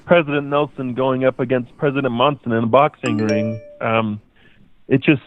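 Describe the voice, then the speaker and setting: A man's voice: mid-range voice, steady tone, moderate pace, faint music behind. A man calling in to a show, goofy and meandering, stumbling over made-up words. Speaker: caller. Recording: dry, tinny phone line.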